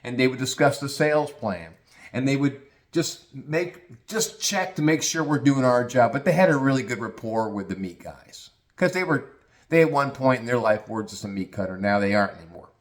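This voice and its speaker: A man's voice: medium pitch, lively intonation, normal speed. Blunt, crude middle-aged storyteller man. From United States. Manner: blunt, crude, rambling with restarts. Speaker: podcast host. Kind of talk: casual storytelling monologue.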